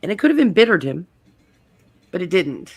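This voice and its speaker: A man's voice: sits high, big pitch swings, normal speed. A man on a podcast panel in casual chat, telling rambling anecdotes full of restarts.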